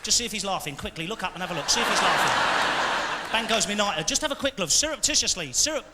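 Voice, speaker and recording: A man's voice: sits high, animated, racing. A man performing a live stand-up routine on a large theatre stage, bantering cheekily with the audience. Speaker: stand-up comedian. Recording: live theatre recording, echoey hall, loud crowd and noise. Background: audience laughing.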